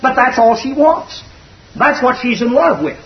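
A man's voice: very high voice, sing-song, unhurried. A man preaching a sermon in a folksy, conversational and earnest way. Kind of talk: expository sermon. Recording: dull distant recording.

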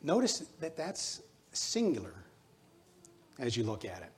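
A man's voice: medium pitch, wildly swooping pitch, a little slow. Middle-aged male pastor, earnest sermon delivery, mid-range voice, exhorting tone. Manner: earnest, exhorting, personal running anecdotes.

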